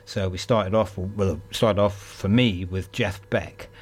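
Male music radio host, very deep voice, relaxed rambling back-announce. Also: a little slow, husky. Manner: rambling, thinking aloud with many fillers. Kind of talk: casual back-announcing between tracks.

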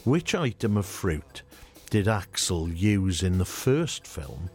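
Middle-aged male radio DJ, very deep voice, chatty and jokey, faint music bed. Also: very animated, slow pace, a little mellow. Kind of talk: casual radio chat and quiz. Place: radio studio.

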